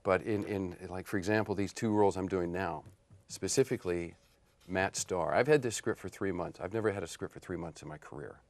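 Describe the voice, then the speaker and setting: A man in his fifties, an actor and model, telling stories about his career in a relaxed interview, often laughing. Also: low-pitched, a little fast. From Portland area, United States. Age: 50s. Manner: animated storyteller, laughs often. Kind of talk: casual interview chat.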